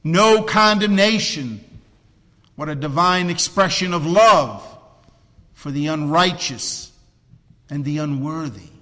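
A man preaching a sermon as pastor, swinging between loud emphatic cries and hushed, low, drawn-out phrases. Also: big-room sound.

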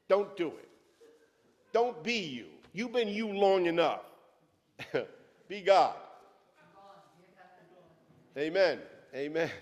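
Male pastor, middle-aged, high-pitched and fervent, preaching in a church with a long hall reverb. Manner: fervent, emphatic preaching that rises and drops sharply. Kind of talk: sermon. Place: church sanctuary.

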